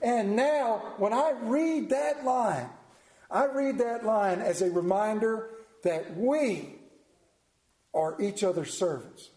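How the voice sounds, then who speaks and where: A man preaching a sermon as pastor, dramatic, shifting between loud acted lines and hushed ones. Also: high-pitched, lively intonation, takes it slowly, roomy sound.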